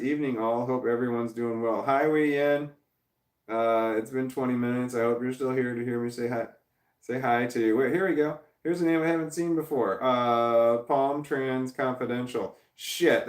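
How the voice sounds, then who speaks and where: On a casual livestream, a man reads chat comments aloud and rambles through them with lots of halting restarts. His medium-pitched voice is recorded from a distance, giving a roomy, off-mic sound.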